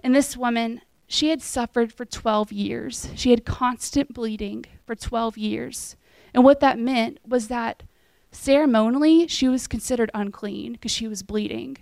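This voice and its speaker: A woman delivering a sermon, telling a scripture story in an earnest, conversational way. Her voice sits a little high with a gravelly edge, and the sound is close and dry. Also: measured pace, a little mellow, no room sound. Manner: earnest storytelling, retelling scripture in plain words. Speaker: preacher.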